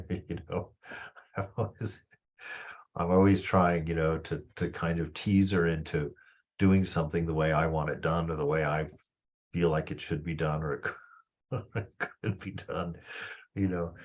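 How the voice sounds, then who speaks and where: A man with a very deep, husky voice gives a reflective spiritual talk and muses aloud in a loose, conversational way. The recording sounds dull and lo-fi. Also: fairly even intonation, a little slow, long pauses. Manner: conversational, musing, leans on 'you know'. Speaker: spiritual teacher.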